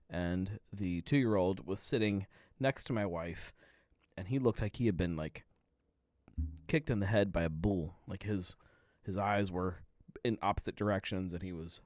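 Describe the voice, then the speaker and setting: A man's voice: deep voice, darkish tone, dry recording, studio quality. A man in his thirties hosting a casual live happy-hour show from home, rambling in a laid-back way and chuckling often. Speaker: podcast host. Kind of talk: casual live-stream chat.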